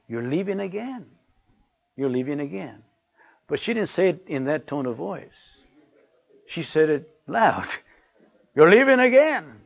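An older male pastor preaches in a rather high, gravelly and husky voice, coming back to his points again and again. The recording is dry and a little muffled. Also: a little mellow, no echo. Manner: anecdotal, repeats phrases for emphasis. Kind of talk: sermon to ministers.

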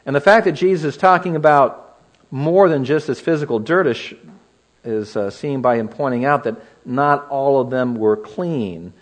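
A man's voice: mid-range voice, normal speed. A man preaching an expository sermon, teaching verse by verse and asking the listeners rhetorical questions.

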